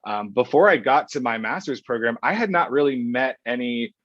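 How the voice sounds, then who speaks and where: A man from Oklahoma speaking as a guest in a podcast conversation, talking thoughtfully with pauses and restarts. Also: mid-range voice, lively intonation, fairly bright tone, no room sound, dull audio. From Oklahoma, USA. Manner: thoughtful, hesitant with fillers and restarts. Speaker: guest, professor.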